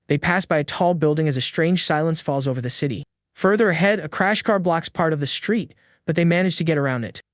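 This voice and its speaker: A man reading a scripted story recap in an even, steady narrating manner. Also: fairly high pitch, no room sound, clean studio sound.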